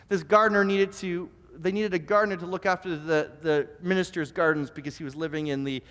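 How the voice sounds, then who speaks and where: High-voiced male preacher in a reverberant hall. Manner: repeats words when starting phrases, swings from soft to emphatic. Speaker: pastor. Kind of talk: sermon storytelling. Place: church sanctuary. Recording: long church reverb.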